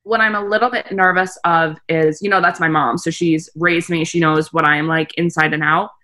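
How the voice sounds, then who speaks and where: A young woman co-hosting a podcast, with a bright, forceful tone. She tells stories animatedly and leaps into high voices for the quotes. Her talk is loose and casual. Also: brisk. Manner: animated storytelling, acts out quotes with big pitch jumps. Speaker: podcast co-host. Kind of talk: casual chat.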